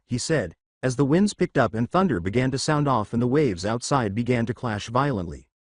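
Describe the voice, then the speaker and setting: A man reading scripted fan-fiction narration in an even way. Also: mid-range voice, brisk, hardly any pauses, no echo, studio quality.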